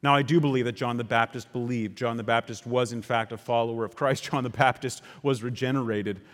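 A man's voice: mid-range voice, fairly even intonation, a little fast, a bit bright. A man preaching a sermon, emphatic and conversational, checking in with his listeners as he explains. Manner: emphatic, with conversational asides to the congregation. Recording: long reverb of a large hall.

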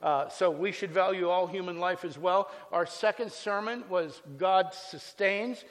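Pastor with a higher voice in a reverberant hall. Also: male voice, a little slow. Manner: conversational storytelling with scripture reading. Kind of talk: sermon.

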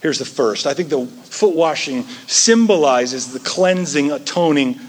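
A man's voice: fairly high pitch, animated, a little slow, poor audio. A male pastor preaching a sermon in a church, emphatic and conversational, with frequent asides to the congregation.

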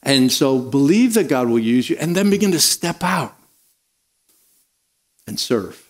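A man's voice: mid-range voice, expressive, unhurried. A middle-aged male pastor preaching a sermon, emphatic, repeating phrases and calling out to the congregation.

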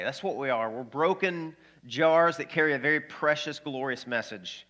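Bright-voiced pastor preaching with energy. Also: male voice, a little high, normal speed, hardly any pauses. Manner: energetic, conversational preaching with questions to the congregation. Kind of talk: sermon.

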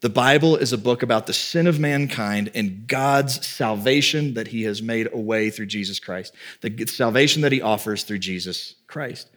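A man's voice: medium pitch, a bit bright. Man preaching a conversational sermon. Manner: conversational preaching with quick asides. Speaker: pastor.

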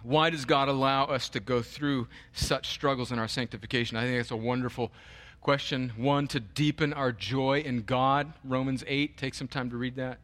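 A man preaching a sermon as pastor, earnest and animated, often restarting his sentences. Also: mid-range voice, normal speed.

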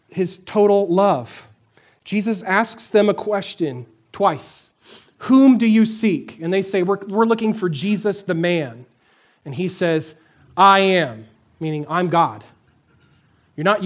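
A pastor preaching a conversational, emphatic sermon in a church, putting questions to the congregation. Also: male voice, high voice.

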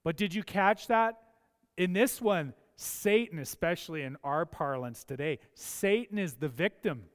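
High-voiced preacher man in a reverberant hall. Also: a little slow. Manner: emphatic, building to forceful peaks. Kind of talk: sermon. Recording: long church hall reverb.

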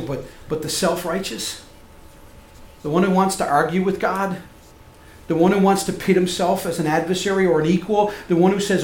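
A man preaches with a high, ringing voice that swings from loud and emphatic to soft and hushed. The sound is roomy and echoey, as in a church sanctuary. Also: steady tone, normal speed, a little hiss or hum. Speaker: pastor. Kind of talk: sermon.

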